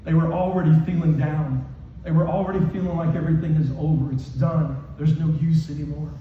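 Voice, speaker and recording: A male pastor preaching a sermon with emphatic repetition, moving from raised, shouted lines to soft ones. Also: on the high side, steady tone, fairly quick, a little hiss or hum. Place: church hall. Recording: echoey hall from far off, dull.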